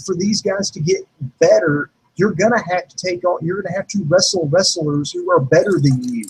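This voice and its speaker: A man co-hosting a wrestling review show, calmly arguing back with lots of fillers. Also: high-pitched, moderate pace, breathy edge, poor audio. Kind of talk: casual debate.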